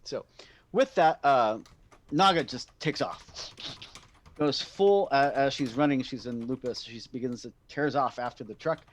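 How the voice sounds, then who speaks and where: A man narrates a tabletop game as its game master. His voice sits at an ordinary middle pitch, and he rambles loosely, with plenty of fillers as he describes the action. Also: a little slow. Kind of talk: narrating a tabletop game over a live stream.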